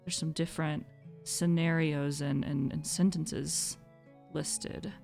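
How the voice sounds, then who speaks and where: Soft-spoken slow calm woman. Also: low-pitched, gravelly, faint music behind. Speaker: gaming video host. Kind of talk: gentle mindful gameplay commentary.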